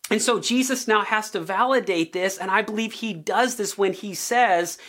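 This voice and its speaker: A man teaching as a podcast host, leaning hard on key words, slowing down to stretch them out and building up through lists. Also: high-pitched. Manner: builds to rising, animated emphasis on lists.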